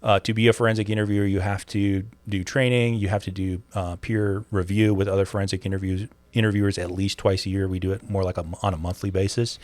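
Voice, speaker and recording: A man's voice: low-pitched, little pitch movement, quick pace, hardly any pauses, darkish tone, no echo. A man talking in a casual podcast conversation, explaining his work step by step and telling stories with a laugh. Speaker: forensic interviewer, podcast guest.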